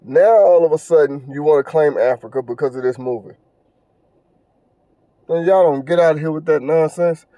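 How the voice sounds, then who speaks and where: Somewhat high and warm, this podcast host's voice moves at a normal speed with frequent pauses and no echo. His solo monologue is casual yet earnest and preachy, full of repeated phrases and fumbled fillers.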